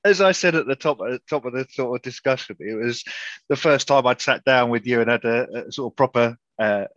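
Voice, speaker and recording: A man's voice: medium pitch, a little fast, fairly bright tone, no room sound, lo-fi sound. A man hosting a casual chat, telling rambling stories with many restarts and chuckles. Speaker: podcast host, interviewer.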